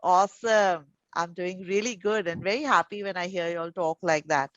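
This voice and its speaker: A woman teaching young children over a video call, gentle and encouraging, full of endearments. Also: fairly low pitch, moderate pace, no echo. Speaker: preschool teacher. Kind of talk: online class with young children. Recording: dull, dry video call audio.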